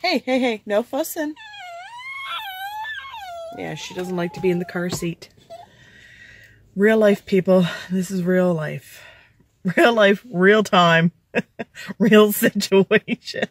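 A woman's voice: medium pitch, sing-song, slow, long pauses, a little hiss or hum. A woman, chatting casually to the camera in a vlog and laughing often. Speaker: vlogger.

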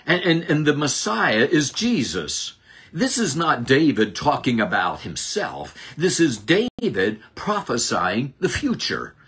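A man teaching a Bible lesson as a sermon, slow and deliberate, dropping low and rising high for emphasis. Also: huge pitch swings, a bit bright, husky. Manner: slow, deliberate preaching with dramatic drops and rises.

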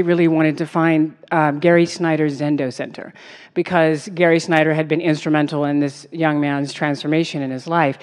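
Chatty woman telling a story in reverb. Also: on the low side. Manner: animated, many fillers and likes, breaks into laughs. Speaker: activist speaker. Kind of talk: personal storytelling. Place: music festival stage. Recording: long reverb of a big space.

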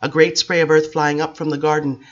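A man reads a dark novel in the first person, telling it with drama and intensity. His voice sits fairly high for a man. The recording sounds dull and lo-fi. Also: level tone, fairly quick. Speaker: audiobook reader.

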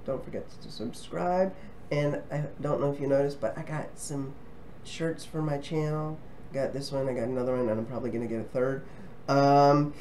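A slightly high, warm-toned man talks casually to the camera as a travel vlogger, with a little background noise. Friendly and chatty, he rambles along with frequent ums and restarts.

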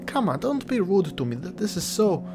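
A man's voice: high voice, big pitch swings, normal speed. Man joking through a horror game. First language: Croatian. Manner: jokey, rambling, talks to the game. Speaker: let's play gamer. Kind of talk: casual gameplay commentary. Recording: game music behind.

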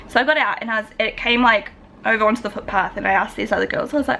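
A woman's voice: a little high, quick pace, bright, forceful tone, a little hiss or hum. A young woman with a New Zealand accent chatting casually to camera in a home vlog, full of "like" fillers. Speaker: vlogger.

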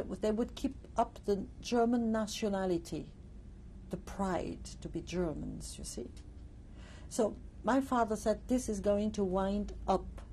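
An older woman from Alsace, giving a reflective testimony interview, pausing often with "uh" and "you see". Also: medium pitch, dark tone, slight background noise. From Alsace, France.

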